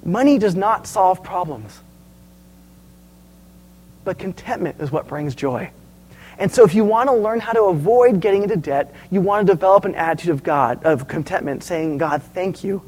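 A man's voice: high voice, moderate pace, rough recording. A man preaching a sermon as pastor, telling stories and asking the congregation questions. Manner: storytelling, animated, asks the audience questions.

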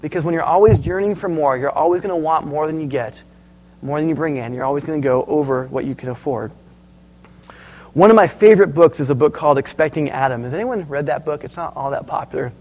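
Animated high-voiced male preacher. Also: fast talker, poor audio. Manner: storytelling, animated, asks the audience questions. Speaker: pastor. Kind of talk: sermon.

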